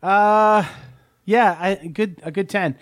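A man's voice: high-pitched, slow pace, dry recording, studio quality. A man co-hosting a casual board game talk, rambling with lots of fillers and restarts. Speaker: podcast co-host. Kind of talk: casual chat.

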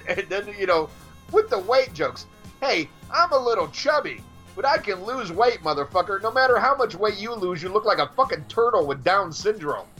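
Profane ranting man with lively pitch. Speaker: podcast host. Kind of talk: casual podcast banter.

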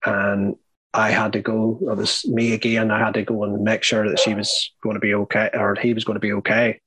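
A young man with an Irish accent, telling his own story as an interview guest, earnest and halting, often starting his sentences over. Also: fairly low pitch, little pitch movement, fairly bright tone, husky, no echo, poor audio. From Ireland. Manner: earnest, halting, with many restarts.

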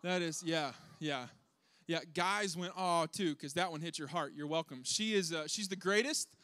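A young man telling a funny family story to an audience, animated and self-deprecating, acting out his kids' voices. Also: a little high, moderate pace, clean tone, no room sound.

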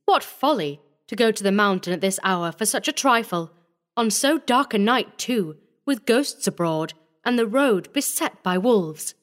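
A man's voice: very high voice, moderate pace, pitched above the performer's own voice. A man reading a story voices a cold, ironic young noblewoman with feigned innocence. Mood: mocking.

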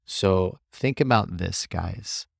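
A man hosting a solo podcast, explaining ideas and reading quotes from a book aloud, sometimes slowing down and deepening his voice on purpose. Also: fairly even intonation, gravelly, no echo, clean studio sound. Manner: deliberately deepens and slows his voice. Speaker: podcast host.

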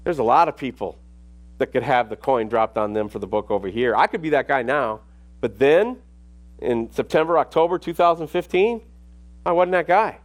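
A man's voice: medium pitch, lively intonation, normal speed. A middle-aged man preaching a sermon, telling a personal story and building to emphatic, repetitive exhortation. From Minneapolis. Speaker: pastor.

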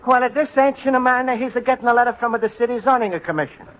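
A man's voice: extremely high pitch, fast, fairly bright tone. An actor playing an earnest, befuddled Italian immigrant man with an Italian accent and broken English, in a 1940s radio sitcom. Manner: broken English, anxious and sincere. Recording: muffled old radio broadcast with audience laughter.

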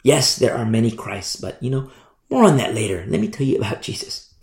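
A man preaching, voicing a gentle male messenger who softly coaxes a lost young woman. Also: medium pitch, sing-song, fairly quick, vocal fry. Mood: coaxing. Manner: coaxing, soft, pleading. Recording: echoey room.

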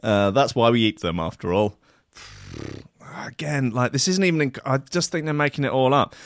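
A man's voice: mid-range voice, sing-song, moderate pace, creaky, no room sound, clean studio sound. Sardonic male host. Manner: sardonic, mock-outraged, heavy with filler. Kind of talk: comic news-reading riff.

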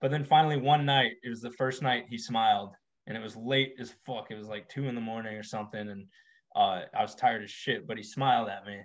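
A man's voice: lowish voice, fairly even intonation, brisk, dull audio. A young man and new father chatting casually, laid-back, laughing often and saying "dude". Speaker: podcast co-host, father of a baby son. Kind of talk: casual chat.

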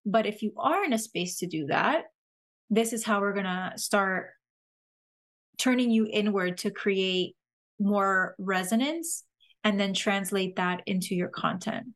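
A woman hosting a podcast, slowly and gently guiding listeners through a breathing and humming exercise. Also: medium pitch. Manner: gentle, slow guiding instructions with soft laughs. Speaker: podcast host leading a somatic exercise.

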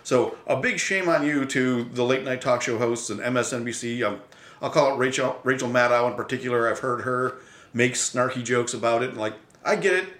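A man's voice: medium pitch, brisk, fairly bright tone, echoey room. A man hosting his own podcast, giving blunt, opinionated solo commentary and swearing casually as he vents. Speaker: podcast host.

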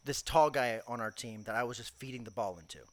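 A man's voice: mid-range voice, quick pace. A man in a loose podcast chat, spinning a story with lots of energy. He jumps into other people's voices as he retells what they said and swears without a second thought. His voice sits right in the middle of the usual male range. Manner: animated storyteller, acts out quotes, swears freely. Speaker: podcast co-host.

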